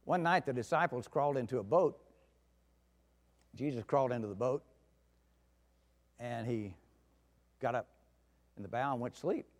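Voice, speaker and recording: A man's voice: medium pitch, normal speed, pauses often. Folksy preacher man in a reverberant hall. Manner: folksy storytelling, shifting from soft asides to loud outbursts. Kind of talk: sermon.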